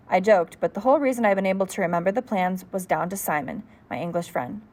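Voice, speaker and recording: A woman's voice: mid-range voice, fast, a little mellow. Woman reading a novel aloud. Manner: plain reading with small slips and restarts. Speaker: audiobook reader. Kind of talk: read-aloud narration of a novel.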